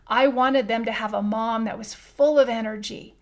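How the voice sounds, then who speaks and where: A woman's voice: a little high, fairly even intonation, moderate pace. A middle-aged woman hosting a podcast, telling a personal story in an earnest, reflective way with frequent restarts. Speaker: podcast host.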